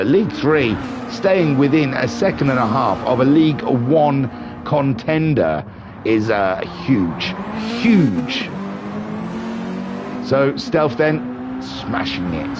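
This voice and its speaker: Brief: male live race commentator, energetic and chatty, racing engine noise running underneath. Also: medium pitch. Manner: excitable, swings from chatty to shouting. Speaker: sim racing league commentator. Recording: noisy with game car audio. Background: race car engine sounds.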